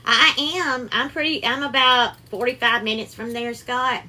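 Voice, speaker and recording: Southern lady doing a cooking live, calls everyone darling, bright high-ish voice. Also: normal speed. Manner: chatty, greets viewers by name with terms of endearment. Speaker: cooking livestream host. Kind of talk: casual live cooking stream.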